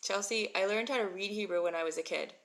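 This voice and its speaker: A woman's voice: mid-range voice, quick pace, fairly bright tone. A woman in her thirties teaching a live Hebrew reading class, chatting with viewers and answering them by name. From moved to Israel as an adult. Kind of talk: live-stream lesson, reading viewer comments.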